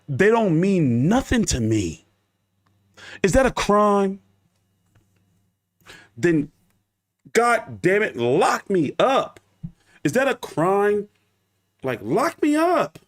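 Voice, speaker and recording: Male boxing vlogger, fairly high voice with lively swings, emphatic and profane live rant. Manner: profane, emphatic ranting with repetition. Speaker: boxing YouTube host.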